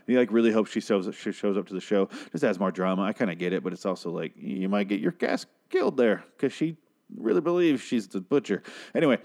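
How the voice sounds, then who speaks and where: A young man with a slightly low voice talks through an episode recap in a loose, rambling way. He swears freely and slips into quick impressions of the characters as he goes. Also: animated, a little mellow. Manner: profane, rambling, mimics characters in quotes. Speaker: recap podcaster. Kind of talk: casual spoken episode recap.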